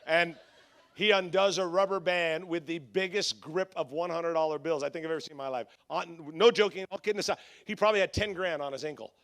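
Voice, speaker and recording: A male pastor preaching a conference sermon, telling a story with lively, animated delivery and acted-out voices. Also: a little high, brisk.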